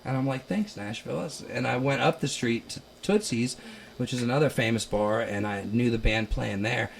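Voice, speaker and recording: A young man from Ohio, a musician guest, telling stories in a casual chat, animated and laughing, loudly acting out quotes. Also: medium pitch, normal speed, vocal fry, a little hiss or hum. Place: basement.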